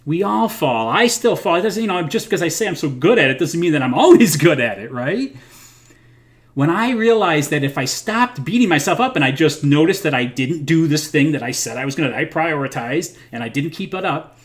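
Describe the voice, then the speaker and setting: A man hosting a live talk from home, speaking earnestly and encouragingly, laughing softly at himself now and then. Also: a little high, expressive, a little fast. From United States. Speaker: host of a livestream. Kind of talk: casual motivational talk.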